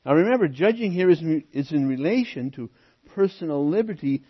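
A man preaching a verse-by-verse sermon to his church, emphatic at times and then dropping to quiet asides. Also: a little high, animated, fairly quick, breathy edge, highs cut off. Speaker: pastor. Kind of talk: expository sermon.

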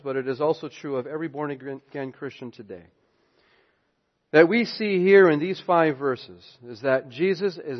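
Preaching man in an echoing hall. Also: fairly high pitch. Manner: emphatic preaching, swings between loud and hushed. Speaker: pastor. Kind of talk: sermon. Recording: dull sound with long hall reverb.

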